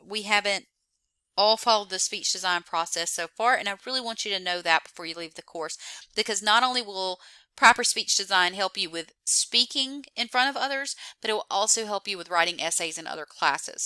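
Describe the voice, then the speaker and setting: Bright clear-voiced woman instructor. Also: mid-range voice, fairly quick, no room sound. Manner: explanatory, with frequent "you know" and "so". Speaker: college course instructor. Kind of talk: recorded online class meeting.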